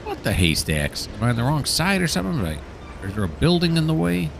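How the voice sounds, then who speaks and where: A gaming channel host with a fairly high, creaky man's voice casually commentates his train-simulator play, his pitch swooping wildly as he talks briskly. He's chatty and mildly sarcastic, addressing both himself and the game, with background noise present.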